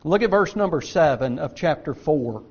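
A man preaching a sermon, stressing key words loudly and dropping to quiet asides. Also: a little high, animated, normal speed, breathy edge, highs cut off. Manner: emphatic, swings between loud stress and quiet asides.

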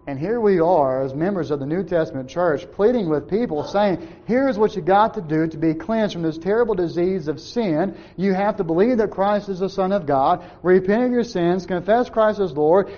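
A man's voice: high voice, warm tone, dull audio. A man preaching a sermon, asking his listeners questions and answering them himself, and briefly acting out the words of the people in his story. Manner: asks the congregation questions and answers them, acts out short quotes.

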